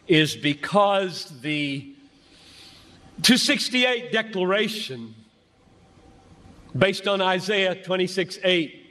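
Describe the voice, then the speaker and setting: A man's voice: high voice, sharp tone. A man in his fifties preaching to a large youth gathering, earnest and emphatic, building his points through repetition. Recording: long hall reverb.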